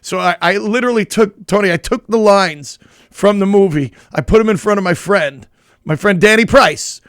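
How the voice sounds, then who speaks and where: A man's voice: high-pitched, moderate pace, fairly bright tone, no room sound, clean studio sound. A middle-aged man co-hosting a casual comedy chat, rambling with restarts and laughing often. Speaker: comedian co-host.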